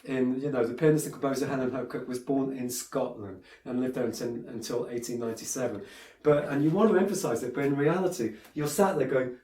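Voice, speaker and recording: A man's voice: medium pitch, a little fast, mellow. Chatty man teaching piano. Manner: chatty, digressive, many fillers and restarts. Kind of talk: piano tutorial. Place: room with a piano. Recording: roomy, a bit far from the mic, piano in the room. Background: piano playing.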